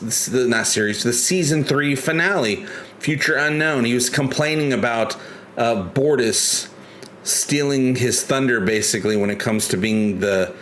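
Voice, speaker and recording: Brief: male stream host, middle pitch, rambly chat, faint hiss behind. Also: fairly bright tone. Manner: rambling, many restarts, chatty and joking. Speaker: livestream host. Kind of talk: casual live-stream chat.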